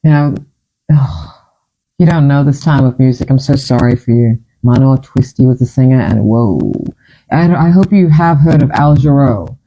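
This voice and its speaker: A low-voiced, husky woman from Fiji tells old stories casually. She is middle-aged, animated, and laughs often. She acts out the voices of people she quotes. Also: normal speed, poor audio. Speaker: singer and storyteller. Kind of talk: casual storytelling monologue.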